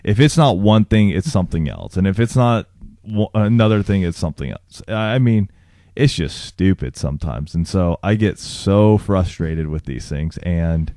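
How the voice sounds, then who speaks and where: A man with a sore, hoarse throat co-hosting a marriage podcast, chatting casually and venting with rambling frustration. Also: low voice, animated, normal speed, warm tone, no echo, studio quality. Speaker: podcast co-host. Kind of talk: casual chat.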